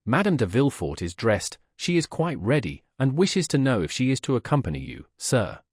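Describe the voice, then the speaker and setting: A man's voice: mid-range voice, sing-song, moderate pace, a little mellow, breathy edge, dry recording, studio quality. A man reading the part of a deferential male valet in an audiobook, with polite, dutiful replies.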